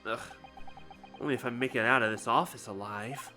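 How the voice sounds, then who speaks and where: A man live-streaming a story game, reading along and reacting with sarcasm and sudden excited outbursts, sometimes swearing. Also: mid-range voice, normal speed, faint music behind. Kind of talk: casual let's-play commentary.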